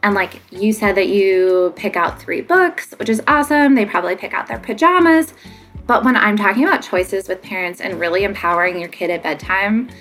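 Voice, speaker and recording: Speaking at a normal speed with an expressive, medium-pitched, slightly bright voice, this woman gives relaxed sleep advice for parents. She chats with lots of fillers and occasionally plays out lines from parents and children, with faint music behind her.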